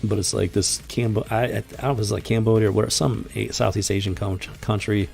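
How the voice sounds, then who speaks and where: A man with a low, gravelly voice talks through a comic book in casual commentary, sarcastic and exasperated, often restarting his sentences. His tone is dark and mellow. Faint music plays underneath. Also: steady tone, fairly quick. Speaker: host reviewing comics. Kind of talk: casual commentary reading comic dialogue aloud.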